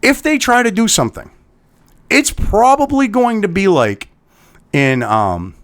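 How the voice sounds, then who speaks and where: A commentary host with a high, bright, very animated voice delivers an angry rant at an unhurried pace. He swears constantly, sighing and sounding exasperated.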